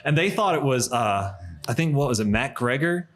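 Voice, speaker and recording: A man in his thirties, a podcast guest in a coffee shop, telling funny stories in a quick, laughing way. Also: mid-range voice. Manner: animated, laughing, fast anecdotes. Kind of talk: casual storytelling chat.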